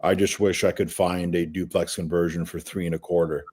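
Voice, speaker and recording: A man's voice: sits low, level tone, brisk, darkish tone, breathy edge. A man who is a realtor guest on a video call, joking casually in a round table discussion.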